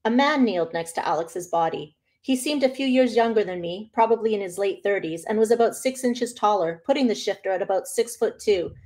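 An author, a woman, reading her own novel aloud in an expressive first-person narration. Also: mid-range voice.

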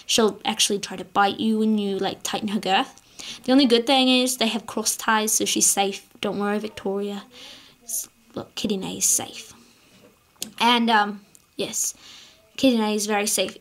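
A woman's voice: mid-range voice, a bit bright. A young woman chatting casually in a bubbly, rambling vlog with many fillers. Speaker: vlogger.

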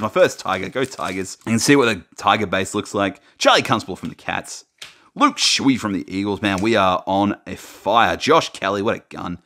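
A man with a fairly low voice, chatting casually while he opens trading card packs. He reads player names off the cards in a relaxed way. When something rare comes out, his voice jumps high and loud with excitement. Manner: excitable, talks while sorting cards, bursts into high shouts over big pulls. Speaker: card-opening YouTuber. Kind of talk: casual unboxing commentary.

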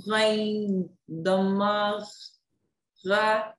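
A woman's voice: medium pitch, level tone, roomy sound, a little hiss or hum. A woman student hesitantly sounding out syllables in a reading lesson. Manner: hesitant, repeats syllables slowly.

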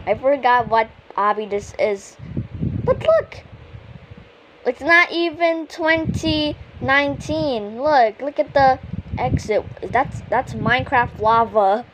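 A woman giving casual commentary on her own gameplay, exclaiming excitedly at whatever happens on screen. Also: on the high side, slight background noise. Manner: excitable, exclaiming at the game as she plays. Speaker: gamer streaming her own play.

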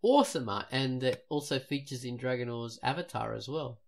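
A woman's voice: very deep voice, fairly quick, darkish tone. A woman co-hosting a casual podcast, rambling with self-mocking asides. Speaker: podcast co-host.

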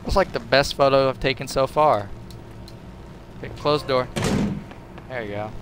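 A man's voice: mid-range voice, moderate pace, noisy background. A young man giving casual, profane, joking commentary to his viewers while he plays a video game. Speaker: gaming video host. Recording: game music loud behind the voice. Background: game music.

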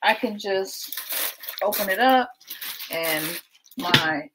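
A woman's voice: medium pitch, animated, slow pace, noisy background. A woman, hosting a casual livestream from home, chatting with viewers and laughing often while she packs. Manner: chatty, keeps addressing viewers as y'all. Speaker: livestream host. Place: at home indoors.

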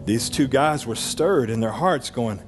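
A man preaching a sermon as pastor, animated, swinging between loud bursts and low, intimate passages. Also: measured pace, over music.

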